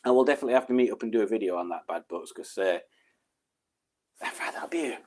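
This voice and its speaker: A man's voice: on the low side, animated, fast talker, darkish tone. A man chatting casually on a live stream, reading out viewers' messages, rambling with ums and chuckles.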